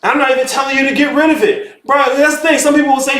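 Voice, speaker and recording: A man teaching spirituality in a casual, animated lecture, emphatic and profane, who keeps calling the listener "bro". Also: very high-pitched, a little fast. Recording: roomy echo.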